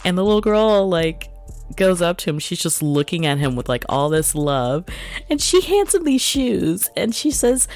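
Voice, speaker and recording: A young woman hosting a podcast, telling a movie story in a casual, animated way with frequent laughter. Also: sits low, unhurried, faint music behind. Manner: animated storyteller, laughs often, acts out quotes. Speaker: podcast host reviewing a movie. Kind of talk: casual chat.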